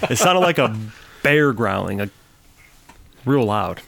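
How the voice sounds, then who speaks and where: A man co-hosting a casual podcast, tossing out deadpan jokes. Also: medium pitch, takes it slowly, gravelly, noisy background. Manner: jokey, deadpan quips. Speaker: podcast co-host. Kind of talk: casual chat.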